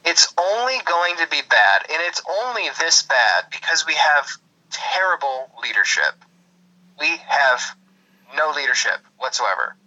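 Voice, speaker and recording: A man talking over a phone line, his voice very bright and sharp. He rants in a casual, sarcastic way and swears freely. The call has the thin sound of a telephone recording. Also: on the high side, very animated, unhurried. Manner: profane, ranting, sarcastic. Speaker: podcast host.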